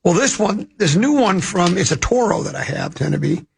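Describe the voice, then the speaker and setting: Older male radio host, high-ish gravelly voice, rambling anecdotal chatter. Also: animated, normal speed, a little hiss or hum. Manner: rambling, with many restarts and self-amused asides. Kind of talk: casual radio chat and storytelling.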